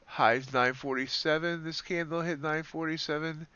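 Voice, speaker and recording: A man's voice: a little high, fairly even intonation, normal speed, sharp tone, clear, resonant tone, muffled recording. A man live-streaming his futures trades, thinking aloud in a muttered running commentary with dry asides. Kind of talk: thinking aloud while trading.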